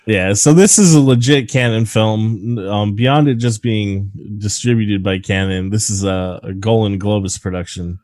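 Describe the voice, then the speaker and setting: A man's voice: on the low side, unhurried, few pauses, darkish tone, no echo. A man co-hosting a casual movie-review podcast, sharing trivia with profanity and frequent laughter. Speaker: podcast co-host.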